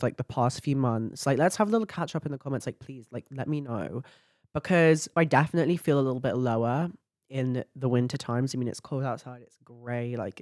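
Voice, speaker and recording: A young woman with a low voice hosts a podcast, chatting bluntly to camera with plenty of filler words and swearing. The recording is dry and studio quality.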